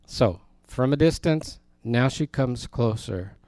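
A man leads a Bible study, talking in an easy, conversational way. He stops to explain words and throws questions to his listeners. His voice is mid-pitched and sounds dry and close, with no room echo. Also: animated, slow, darkish tone. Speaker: Bible teacher.

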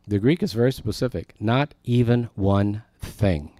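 A man's voice: lowish voice, a little slow, dark tone, dry recording. A man teaching the Bible verse by verse in a conversational, emphatic way, often turning aside to talk to his class.

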